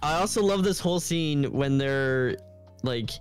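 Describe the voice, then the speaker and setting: A man with a slightly high voice co-hosts a casual podcast conversation. He talks excitedly and slips into little quoted voices as he acts out scenes. Faint music sits underneath. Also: measured pace, clear, resonant tone. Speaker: podcast co-host. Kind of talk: casual chat.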